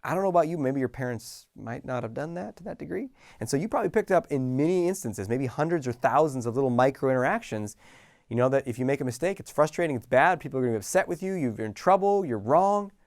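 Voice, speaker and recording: A middle-aged man coaching listeners in a casual, animated talk, acting out small scenes with sighs and laughs. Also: medium pitch, fast talker, no room sound, clean studio sound. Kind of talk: motivational talk to camera.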